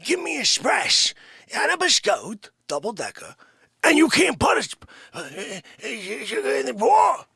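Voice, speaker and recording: A man voicing a brash grown man at a café, shouting and indignant as he demands his espresso and treats. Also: extremely high pitch, wildly swooping pitch, unhurried, creaky, slightly rough, no room sound, studio quality, pitched above the performer's own voice, heavily acted. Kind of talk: improvised comedy bit.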